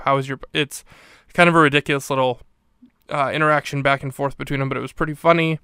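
A man chats through a sitcom episode as a podcast host, rambling and full of fillers. His voice is smooth and clear, with a flat, even delivery. The recording is dry and close. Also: medium pitch, fast, no echo. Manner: rambling, filler-heavy recap. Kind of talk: casual episode review.

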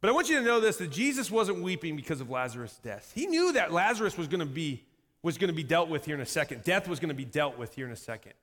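A man in his thirties preaching a sermon as pastor, shifting from lively delivery to quiet, intense passages. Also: on the high side, fast. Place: church sanctuary. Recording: long hall reverb.

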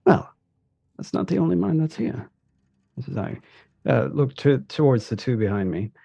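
A man's voice: mid-range voice, sing-song, normal speed, gravelly, mellow, slightly rough, dry recording, muffled recording. A man playing his character in a tabletop game, speaking politely and thoughtfully. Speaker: player. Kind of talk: in-character tabletop role-play.

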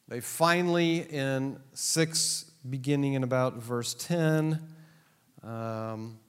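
In a classroom-style lecture with long hall reverb, a man teaches a Bible class to a live audience, joking and teasing his listeners as he explains the text. His voice is medium in pitch, slow-paced and clean.

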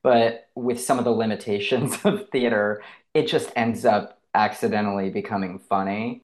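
A man's voice: fairly low pitch, steady tone, moderate pace. A man who acts on stage, talking casually as a podcast guest, laughing often and saying "like" a lot. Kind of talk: casual interview chat.

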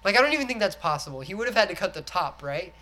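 A man co-hosting a casual podcast chat, animated and profane, acting out lines from a movie. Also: high voice, very fast. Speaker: podcast co-host.

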